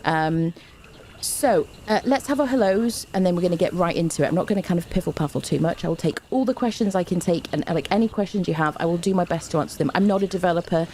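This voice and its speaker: A woman with a notably low voice streams live from her home, talking into a desk microphone. She is bubbly and overexcited, rambling happily to her viewers. A faint hiss of background noise sits under her speech. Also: fast talker, a little mellow. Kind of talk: casual live stream chat.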